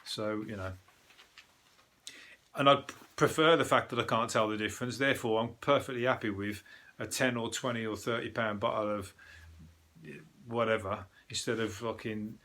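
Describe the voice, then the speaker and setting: A man's voice: lowish voice, fairly even intonation, normal speed, a bit bright. A man from Birmingham with a Birmingham accent, a comedian hosting a casual comic news review in a rambling, sweary, scornful way. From Birmingham, England. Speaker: comedian host.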